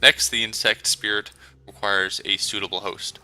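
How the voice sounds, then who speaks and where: A man's voice: fairly low pitch, little pitch movement, normal speed, bright, forceful tone, no echo, soft background music, poor audio. A man voicing a flamboyant, sly male elf sage in a video game, theatrical and lecturing.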